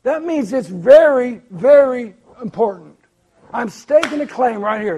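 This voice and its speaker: A man preaching a sermon to a congregation, conversational, swinging between emphatic points and quiet asides. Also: very high-pitched, animated, unhurried, slight background noise. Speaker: pastor. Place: church hall before a congregation.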